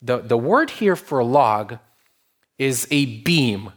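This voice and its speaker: A man preaching a conversational sermon, explaining a passage with rhetorical questions and dropping to a hushed voice for quotes. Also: medium pitch, very animated, takes it slowly. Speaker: pastor.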